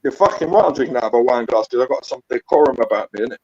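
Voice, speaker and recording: A man's voice: mid-range voice, lively intonation, rapid-fire, darkish tone, breathy edge, dry recording. Swearing man on a dull line. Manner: taunting, accusing, heavy swearing. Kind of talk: heated casual argument.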